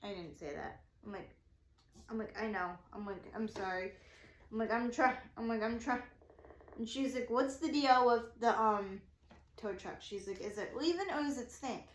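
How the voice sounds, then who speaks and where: A woman's voice: on the high side, moderate pace, roomy sound, slight background noise. A woman telling a story in a casual, rambling way, full of "like" and acted-out quotes. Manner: animated, rambling, heavy use of "like". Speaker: craft shop vlogger.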